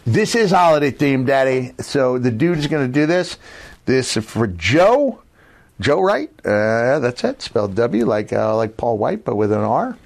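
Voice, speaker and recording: A man's voice: mid-range voice, big pitch swings, unhurried, gravelly. A man voicing a laid-back groovy hippie dude who talks in cool slang and calls the listener daddy for a greeting video. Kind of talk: put-on character greeting video.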